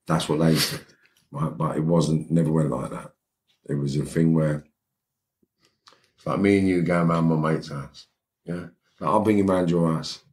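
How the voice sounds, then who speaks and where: A man's voice: very deep voice, steady tone, normal speed, long pauses, a little mellow. A middle-aged man with a London accent, a podcast guest telling a story in a blunt, streetwise, rambling way, checking in with "right?" as he goes. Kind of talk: casual storytelling in a podcast interview.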